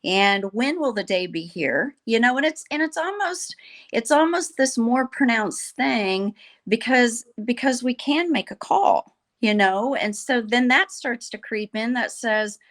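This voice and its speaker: A woman's voice: fairly high pitch, a little slow. Earnest woman telling a heartfelt story. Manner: earnest, animated storyteller who quotes others. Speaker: guest. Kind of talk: storytelling in a podcast conversation.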